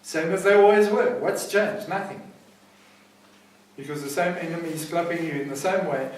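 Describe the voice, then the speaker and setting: A man's voice: a little high, normal speed, slight background noise. A South African man teaching a class at a recovery centre in an emphatic, preaching style, often checking that his listeners follow him. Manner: emphatic, keeps asking "see what I'm saying?". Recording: very echoey room, mic far off.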